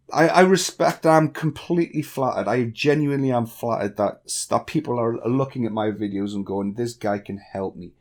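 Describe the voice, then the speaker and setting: A man from northeast England with a softened northeast English accent, answering viewer questions bluntly in a casual vlog. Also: medium pitch. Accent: northeast English, toned down. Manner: blunt, candid, chatty with swearing. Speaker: YouTube tech tutorial creator.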